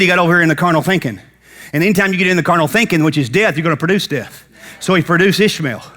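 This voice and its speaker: A man preaching a sermon as pastor, acting out Bible characters in lively folksy talk. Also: high voice. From United States.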